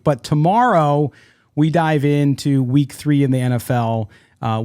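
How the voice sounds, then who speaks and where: A man co-hosting a sports podcast, talking casually and jokily with quick asides and restarts. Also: medium pitch, warm tone, no room sound, studio quality. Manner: rambling, jokey, quick asides. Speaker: podcast co-host.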